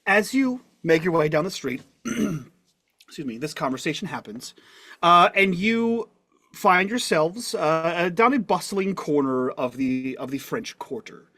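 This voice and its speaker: A man's voice: on the high side, animated, measured pace, pushed and bright, no room sound. A man running a tabletop game as game master, describing scenes with many fillers.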